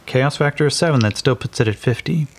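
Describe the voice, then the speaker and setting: Man, solo tabletop game narrator, casual, mid-pitched, faint hiss. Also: quick pace. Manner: casual, rolling dice aloud, swears. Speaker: game master playing solo.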